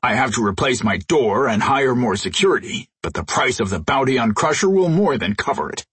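A domineering male alien crime boss barks and gloats in a slightly raised, husky voice, as a narrator puts him on. The audiobook recording is dry and close. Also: medium pitch, lively intonation, brisk, a bit bright, no echo. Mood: smug. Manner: barking, domineering.

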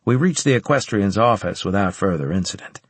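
A man narrating a first-person audiobook in a low, even, matter-of-fact way on a close studio mic. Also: brisk, husky, no echo.

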